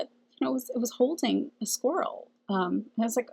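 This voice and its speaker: Husky-voiced woman chatting earnestly. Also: medium pitch, brisk, darkish tone, rough recording. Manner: chatty, earnest, laughs often, asks "okay?". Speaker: spiritual channel host. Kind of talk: casual spiritual talk to camera.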